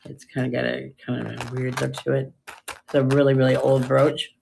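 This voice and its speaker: A woman's voice: extremely low pitch, little pitch movement, moderate pace, vocal fry, a little mellow, a little hiss or hum. An older woman chatting casually and rambling through a live jewelry sale, often trailing off mid-sentence. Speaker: live-stream jewelry seller.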